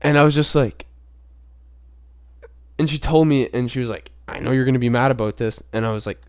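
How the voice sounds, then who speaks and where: A man's voice: medium pitch, quick pace. A young man hosting a podcast, talking casually in a rambling, profane way with many filler words. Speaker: podcast host. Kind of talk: casual unscripted monologue.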